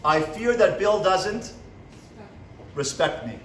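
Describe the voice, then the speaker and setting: Slow and expressive, with a high-pitched voice, a rabbi gives his class a motivational lecture in a seminary classroom, questioning the audience and acting out small dialogues. The recording is made from a distance in an echoey room, with slight background noise.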